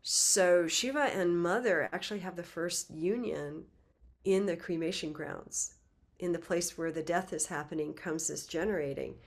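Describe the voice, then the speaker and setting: A woman's voice: on the low side, moderate pace. Chatty woman telling a sacred myth. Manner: lively, conversational, with laughs and asides. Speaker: spiritual teacher. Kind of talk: casual storytelling lecture.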